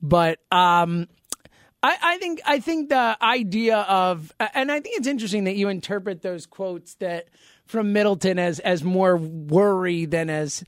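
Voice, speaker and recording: A man's voice: high-pitched, lively intonation, unhurried, no room sound, studio quality. A man in his thirties co-hosting a sports podcast, talking in casual, teasing banter. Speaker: podcast co-host.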